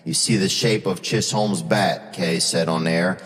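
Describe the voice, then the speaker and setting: Low-voiced dude rambling and cussing on a podcast, long reverb tail on it. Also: male voice, steady tone, a little slow, fairly bright tone. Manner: rambling, drawling storyteller who swears a lot. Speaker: podcast host. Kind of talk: casual podcast chat.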